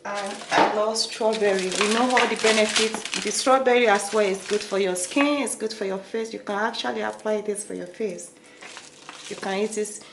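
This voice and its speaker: A woman's voice: mid-range voice, steady tone, moderate pace. A woman with a Nigerian accent, chatting casually to her vlog audience and often checking in with "okay?" and "guys". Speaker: beauty vlogger. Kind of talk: casual talk to camera. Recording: echoey room with faint noise.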